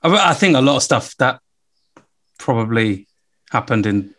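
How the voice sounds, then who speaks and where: Male podcast host, mid-pitched, relaxed and hesitant. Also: measured pace. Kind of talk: casual chat.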